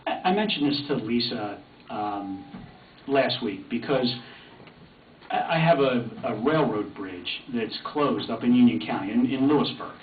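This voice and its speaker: A man's voice: mid-range voice, expressive, unhurried. Middle-aged man, insurance rep at a public meeting; hedgy, filler-heavy delivery; far mic, tinny sound. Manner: hesitant, lots of hedging fillers. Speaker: insurance representative. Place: township meeting room. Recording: distant, echoey, tinny, noisy.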